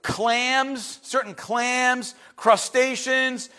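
A man, preaching an impassioned sermon that builds to shouting. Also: very high voice, steady tone, extremely slow, smooth. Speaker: pastor.

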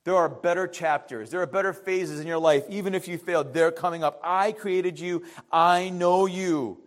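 A man preaching a sermon in a conversational way, with dramatic pauses and acted-out quotes. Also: a little high. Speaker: pastor.

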